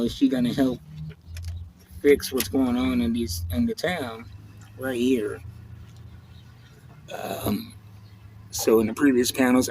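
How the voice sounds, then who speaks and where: A man reviewing a comic book in a relaxed, reflective way, leaning on "you know" as he talks it through. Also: mid-range voice, husky, low-quality recording. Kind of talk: casual spoken review.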